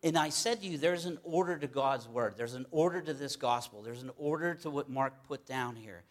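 A man's voice: mid-range voice, moderate pace. A man with a mid-range voice teaches a Bible passage in an informal, talky way. He circles back, repeats key words for emphasis and restarts his sentences as he thinks aloud. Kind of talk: conversational sermon.

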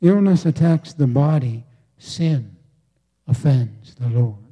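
A man preaching a sermon from the United States, slow and deliberate, with emphatic pauses and repetition. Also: mid-range voice, lively intonation, mellow, husky. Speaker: pastor.

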